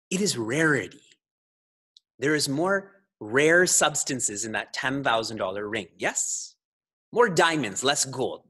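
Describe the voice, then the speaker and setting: Male spiritual teacher, slightly husky voice, playful discourse style with frequent laughs and questions to the audience. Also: medium pitch, expressive, slow pace, long pauses, sharp tone. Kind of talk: scripture discourse to a congregation.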